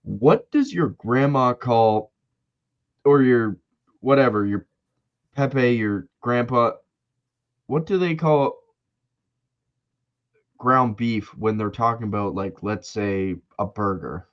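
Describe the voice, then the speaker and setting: A man's voice: mid-range voice, slow pace, long pauses, lo-fi sound. A young man co-hosting a podcast, chatting casually with laid-back, rambling asides. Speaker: podcast co-host. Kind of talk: casual chat.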